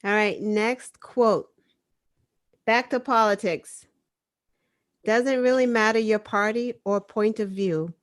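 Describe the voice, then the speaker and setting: A woman with a Boston accent co-hosting an online news talk show, animated and laughing often. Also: medium pitch, slow pace, long pauses. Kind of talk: casual chat.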